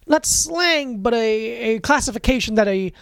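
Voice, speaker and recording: A man's voice: very high voice, expressive, moderate pace, creaky, a bit bright, smooth, dry recording, clean studio sound. A man co-hosting a podcast in casual chat, joking and teasing. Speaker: podcast co-host.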